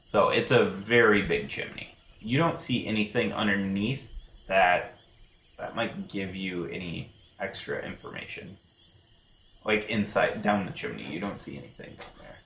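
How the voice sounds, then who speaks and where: Bright-voiced man running a tabletop game. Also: sits low, lively intonation, normal speed, echoey room, a little hiss or hum. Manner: loose, rambling narration with many fillers. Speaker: game master.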